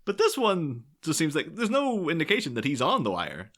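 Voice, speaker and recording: A man co-hosting a podcast and chatting casually about a film. His voice is bright and forward, and his pitch swings widely as he rambles. He laughs often. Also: huge pitch swings, normal speed. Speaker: podcast co-host. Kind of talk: casual film-discussion chat.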